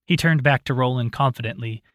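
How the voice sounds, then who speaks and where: A man narrating an audiobook in a calm, steady storytelling voice. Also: medium pitch, brisk, no room sound, clean studio sound.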